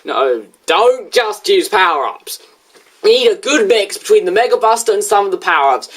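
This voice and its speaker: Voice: moderate pace, husky. A young video reviewer in casual, rambling commentary, answering a critic with restarts and asides. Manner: rambling, restarts, lively pitch swings.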